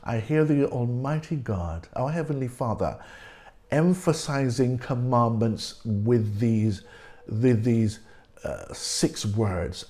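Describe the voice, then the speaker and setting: Slow, emphatic male pastor preaching. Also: mid-range voice, big pitch swings, warm tone. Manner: emphatic, repeats key words for stress; reads scripture aloud slowly. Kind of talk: sermon.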